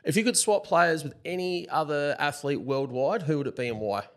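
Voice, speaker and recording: A man hosting a casual podcast interview, upbeat, laughing often and firing off quick questions. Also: a little high. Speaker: podcast host.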